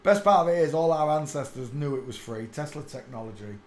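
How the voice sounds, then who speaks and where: A man's voice: on the high side, expressive, a little fast, a little hiss or hum. A man, rambling crudely through a casual live stream and mocking himself. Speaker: host. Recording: echoey room.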